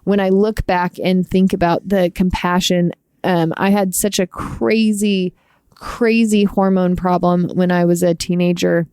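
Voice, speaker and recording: A woman with a somewhat low voice speaks on a podcast in an earnest, emotional way. Her thoughts ramble and restart as she talks. The recording is close and dry. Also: steady tone, unhurried, darkish tone, clear, resonant tone, dry recording. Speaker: podcast co-host. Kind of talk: heartfelt podcast conversation.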